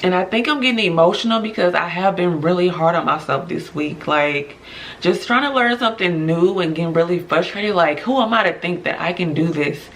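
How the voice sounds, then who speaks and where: A woman's voice: lowish voice, brisk, a bit bright, slight background noise. A young adult woman hosting her podcast, talking in an earnest, chatty way straight to her listeners and laughing through emotional moments. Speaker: podcast host. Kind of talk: casual heartfelt podcast monologue.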